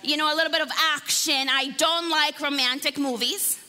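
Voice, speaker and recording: A woman's voice: high-pitched, fairly even intonation, normal speed, slight background noise. A woman pastor praying and then preaching a sermon in a chatty, conversational way, asking the congregation questions. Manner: warm conversational preaching with laughs and audience questions. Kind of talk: sermon with opening prayer. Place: church hall. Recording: long hall reverb with faint music.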